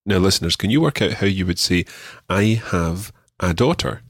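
Man, deep voice, slightly husky, patient teacher, encouraging, dry close sound. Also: lively intonation, dry recording. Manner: patient, encouraging, repeats words slowly. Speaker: language teacher. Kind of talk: radio language lesson.

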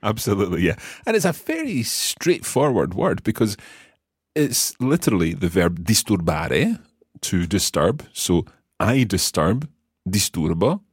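A man with a low, husky voice teaches a podcast language lesson, walking through each phrase patiently. His intonation swings widely as he explains and quizzes, and the sound is close and dry. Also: big pitch swings, a little slow, dry recording.

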